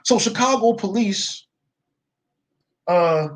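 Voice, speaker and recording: A man's voice: sits high, lively intonation, slow pace, rough recording. A young man telling a story in a casual, profane rant, leaning on "yo" and "right?" for emphasis. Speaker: commentator. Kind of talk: casual ranting monologue.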